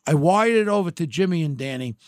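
Older ny guy telling war stories, loud and brash, dry close mic. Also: on the high side, brisk, no echo. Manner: animated, brash storytelling, acts out quotes. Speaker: podcast host. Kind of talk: storytelling chat.

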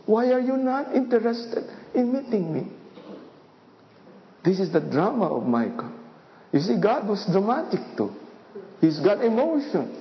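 Animated woman preaching in a hall. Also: fairly high pitch, slight background noise. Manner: animated, rhetorical questions, acts out voices of God and people. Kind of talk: sermon. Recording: dull sound with long hall reverb.

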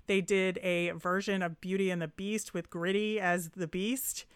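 A woman's voice: fairly low pitch, fairly even intonation, a little slow, clear, resonant tone, no room sound, studio quality. A woman co-hosting a casual sports chat, upbeat and chatty, laughing easily. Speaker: podcast co-host.

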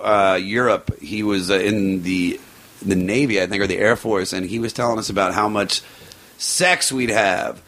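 A man, a podcast guest, telling a long casual story in a rambling, animated way, jumping into voices for the people he quotes. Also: on the low side. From United States.

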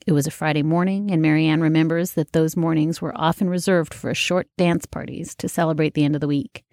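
A woman host narrates from a script in a measured, composed voice. Her pitch sits somewhat low, and the recording is dry and close. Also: fairly even intonation, darkish tone, no echo. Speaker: host, legal correspondent.

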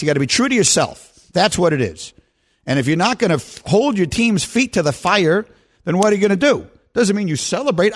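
A middle-aged man hosting a sports radio show, talking in a casual, emphatic rant. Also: high voice. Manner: animated, emphatic ranting.

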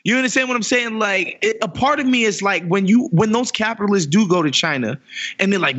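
A man co-hosting a casual political chat, animated and mocking, laughing often. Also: high-pitched, fairly quick. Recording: dull lo-fi audio.

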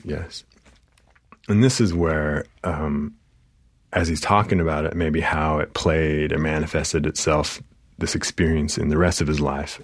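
Gravelly low-voiced man recounting a session. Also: steady tone, no echo, clean studio sound. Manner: halting, emotional, many fillers and restarts. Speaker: therapist telling a story. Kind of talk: personal storytelling.

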